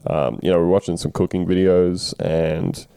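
A man's voice: deep voice, moderate pace, vocal fry, dark tone, clear, resonant tone, no room sound, clean studio sound. A man with an Australian accent, co-hosting a podcast in a laid-back, rambling, sweary way. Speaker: podcast co-host. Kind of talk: casual chat.

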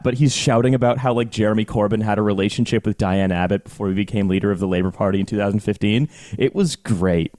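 A man's voice: fairly low pitch, darkish tone, dry recording, clean studio sound. A man hosting a comedy podcast, rambling and stammering in casual banter. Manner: rambling, stammering, quick to laugh. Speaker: podcast host.

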